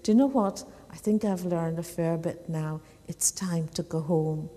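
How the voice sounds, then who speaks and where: A woman's voice: fairly low pitch, a little slow, dark tone, long reverb tail. A woman voicing an earnest male traveller. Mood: decided. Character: gentle male traveller devoted to his donkey.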